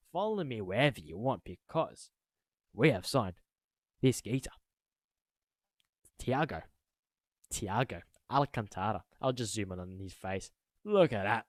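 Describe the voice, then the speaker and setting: A man making a football reaction vlog, excitable, repeating his exclamations and laughing loudly. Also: mid-range voice, no echo. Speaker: football fan YouTuber.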